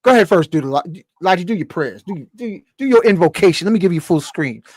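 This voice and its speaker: A man hosting a casual livestream over a video call, with loose slangy banter and shout-outs to viewers. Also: high-pitched, lively intonation, quick pace, no room sound, studio quality. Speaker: livestream host.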